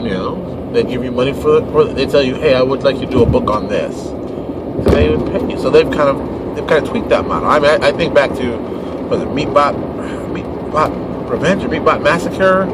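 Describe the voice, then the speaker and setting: A man hosting a casual monologue, animated and exasperated, acting out quick mock dialogues while recording outdoors near traffic. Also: mid-range voice. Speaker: podcast host and game publisher.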